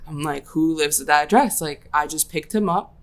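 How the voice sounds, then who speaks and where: Low-pitched young woman host, slangy and animated, acts out what she said in the story. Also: moderate pace. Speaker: podcast host. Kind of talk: casual storytelling chat.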